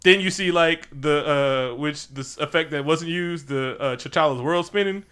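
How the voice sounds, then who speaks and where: This man speaks in a fairly high, bright voice with a crisp, clean tone. He recaps a movie in a loose, animated way and keeps the jokes coming. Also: moderate pace. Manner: animated, jokey, slips into quoted voices. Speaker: podcast co-host. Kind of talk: casual movie recap chat.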